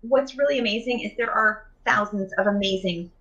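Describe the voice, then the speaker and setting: A woman's voice: medium pitch, normal speed, fairly bright tone. Chatty woman on a lo-fi video call. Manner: chatty, many fillers and restarts. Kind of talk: casual conversation about emotional healing.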